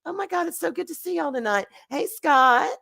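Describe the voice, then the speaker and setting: A woman hosting a casual livestream, hoarse and congested from a recent flu, chatty and laughing as she greets her chat. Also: high voice, expressive, fairly quick. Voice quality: nasal, congested. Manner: chatty, laughing, swings between loud bursts and quiet asides. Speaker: livestream host. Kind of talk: casual chat reading live chat.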